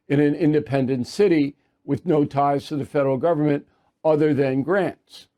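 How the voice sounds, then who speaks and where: A man's voice: medium pitch, dark tone. A man delivering an emphatic opinion monologue as a commentator, hammering points through repetition with sarcastic asides.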